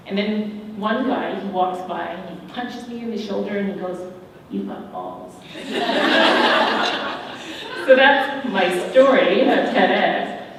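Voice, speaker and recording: A woman's voice: medium pitch, slight background noise. Woman telling a story in an echoing hall. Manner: candid, animated storytelling with quoted dialogue. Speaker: keynote speaker. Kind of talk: storytelling keynote speech. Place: large hotel event hall. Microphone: handheld microphone. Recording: distant, echoey hall recording with faint ambience.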